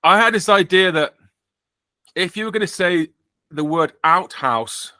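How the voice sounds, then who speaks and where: A man's voice: high-pitched, unhurried, pushed and bright, no echo. A British man hosting a podcast in casual chat, joking and rambling with frequent self-corrections. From Britain. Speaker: podcast host.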